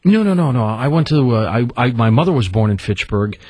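A man hosting a call-in radio show, quizzing callers in a lively, questioning way. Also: medium pitch. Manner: lively, questioning, quick to laugh. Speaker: radio talk show host.

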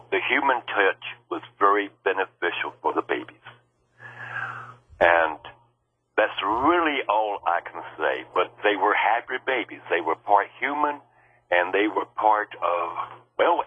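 A man's voice: lowish voice, sing-song, unhurried, slightly rough. A man telling a personal story as an interview guest, earnest and acting out the voices he quotes. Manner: earnest, acts out quoted lines in a raised voice. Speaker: guest recounting an experience. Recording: tinny phone line.

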